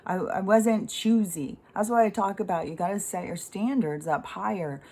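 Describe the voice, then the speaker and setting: A woman's voice: medium pitch, normal speed, darkish tone. A middle-aged woman speaking in a rambling, conversational way, giving a casual spiritual monologue full of fillers and the odd swear word.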